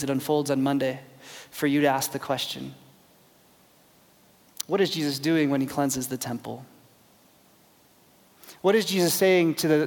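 A male pastor preaching a sermon, with dramatic swings from loud emphasis down to near whispers. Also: fairly high pitch, big-room sound.

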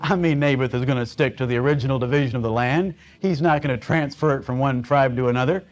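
A man's voice: mid-range voice, quick pace. Sarcastic male preacher, lo-fi sound. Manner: sarcastic, conversational asides between scripture readings. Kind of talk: expository Bible teaching. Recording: dull lo-fi recording.

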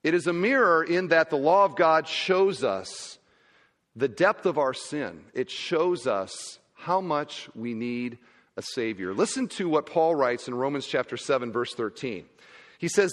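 A man preaching a sermon as pastor, emphatic and swinging between loud and quiet. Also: a little high, lively intonation, normal speed, in a large hall.

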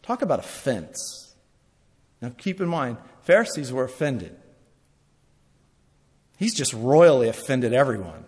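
Dramatic male preacher, very animated pitch, repeats lines for emphasis, long hall reverb. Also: measured pace, pauses often, breathy edge. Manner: dramatic, swings between loud and hushed. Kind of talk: sermon.

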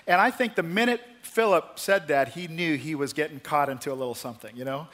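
A male pastor preaching a sermon, telling the story with lively, acted-out quotes. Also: fairly high pitch, fairly quick, hardly any pauses. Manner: animated storytelling, acting out voices in quotes.

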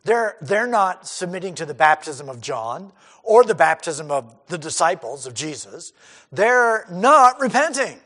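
A man preaching an expository sermon who acts out crowd voices and swings from loud to hushed. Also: high-pitched, big pitch swings, unhurried. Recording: hall reverb.

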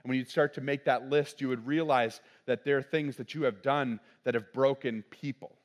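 A man's voice: mid-range voice, fairly even intonation, normal speed. A middle-aged man preaching from the pulpit, telling a story that leads into his message. He speaks conversationally and keeps checking in with his listeners. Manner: conversational, frequent "right?" asides. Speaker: pastor. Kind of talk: sermon with personal story.

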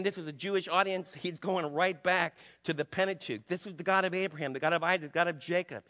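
A man's voice: sits high, bright, forceful tone, in a large hall. A man preaching a sermon to his church in an emphatic, conversational way, acting out quotes. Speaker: pastor.

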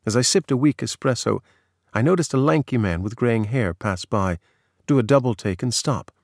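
A man in steady, measured scripted narration of a magazine article. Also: medium pitch, creaky, no room sound, studio quality.

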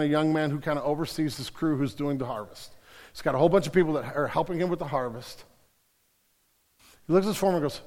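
Preacher man in an echoing hall. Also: fairly high pitch. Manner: animated preaching with repeated restarts. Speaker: pastor. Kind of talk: sermon. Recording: long hall reverb.

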